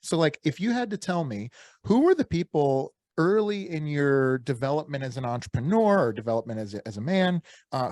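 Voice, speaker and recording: A man's voice: mid-range voice, a little mellow, dry recording, clean studio sound. A man hosting a podcast, reflecting aloud and asking questions, often with "um" and "uh". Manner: reflective, thinks aloud with fillers. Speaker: podcast host. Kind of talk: interview questions.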